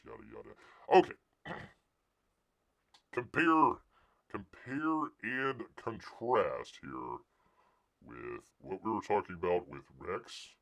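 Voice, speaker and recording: A man hosting a casual live stream, ranting with loud outbursts and muttered asides. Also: lowish voice, vocal fry. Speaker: livestream host.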